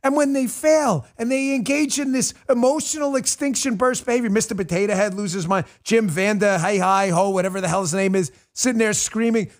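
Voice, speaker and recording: A middle-aged man hosting a political talk show, ranting in a mocking, animated way and slipping into sarcastic impressions. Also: extremely high pitch, fairly quick, few pauses. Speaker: show host.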